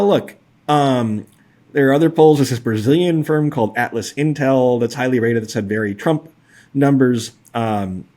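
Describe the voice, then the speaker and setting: A man's voice: medium pitch, a little mellow. A man in his forties co-hosting a podcast, talking through data in a casual, hedging way with lots of fillers and a wry edge. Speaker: podcast co-host. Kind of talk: casual analytical chat.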